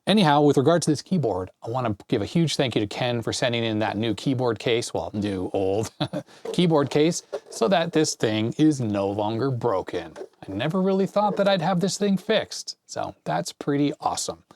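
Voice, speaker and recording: A man's voice: mid-range voice, animated, moderate pace, a little mellow, a little hiss or hum. Chatty man unboxing old chips. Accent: Canadian. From Canada. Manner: chatty and enthusiastic, rambling tech asides. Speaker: channel host. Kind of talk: casual mail-call unboxing chat. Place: home basement workshop.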